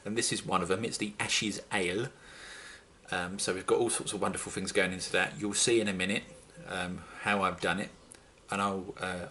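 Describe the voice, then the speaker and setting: Bloke chatting thru a homebrew video, low voice, jokey and relaxed. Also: male voice, a little hiss or hum. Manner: chatty, jokey, addresses viewers as folks. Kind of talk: casual how-to narration. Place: home conservatory.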